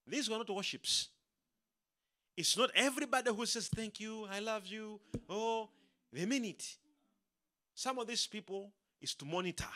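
Brief: bright, high male preacher, very animated delivery that swings up and down, repeats himself for emphasis. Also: moderate pace, pauses often. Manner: animated, repeats words, acts out quoted speakers. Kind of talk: sermon.

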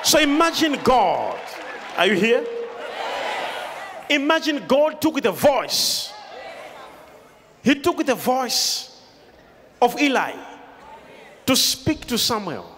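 A man preaching a sermon to a congregation, shouting and calling for responses. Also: very high-pitched, sing-song, slow pace, pauses often. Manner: emphatic call-and-response preaching, often shouting. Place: large hall with a congregation. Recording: reverberant hall, crowd noise behind.

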